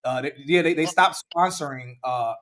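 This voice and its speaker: Animated, higher-voiced man hosting. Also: normal speed. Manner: animated, laughing, acts out quotes. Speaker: podcast host. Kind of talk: casual podcast chat.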